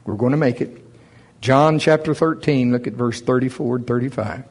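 A man's voice: mid-range voice, moderate pace. A man preaching as a pastor, reading scripture in old English and then driving points home with rising force. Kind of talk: sermon.

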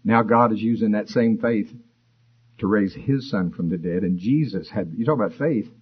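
A man preaching a sermon, explaining scripture in a conversational way and rising in pitch for emphasis. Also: moderate pace, breathy edge, muffled recording. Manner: expository, conversational, rises for emphasis.

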